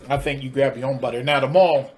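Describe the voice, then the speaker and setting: A man hosting a casual podcast chat, telling stories in a relaxed way with chatty asides. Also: medium pitch, fast talker, a crowd in the background.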